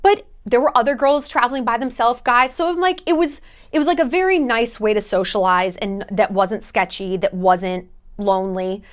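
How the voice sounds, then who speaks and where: A woman's voice: fairly high pitch, moderate pace, smooth. A woman travel vlogger giving casual advice in a blunt, jokey, sometimes profane way.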